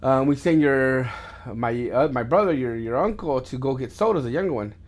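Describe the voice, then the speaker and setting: A man hosting a podcast with his son, telling stories in a loose, rambling way with many restarts and plenty of swearing. He gets loud and animated when he reaches the fights. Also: mid-range voice, normal speed. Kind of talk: casual storytelling chat.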